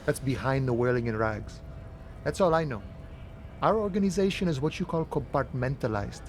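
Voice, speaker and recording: An actor voicing a laid-back philosophical dock worker. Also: male voice, mid-range voice, animated, normal speed, a little hiss or hum, natural voice. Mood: musing. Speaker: game character.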